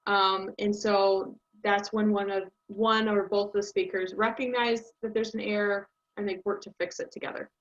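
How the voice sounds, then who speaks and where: A woman's voice: medium pitch, flat delivery, normal speed, few pauses. A young woman giving a casual class presentation, thinking aloud with many ums. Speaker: student presenter. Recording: dull lo-fi audio.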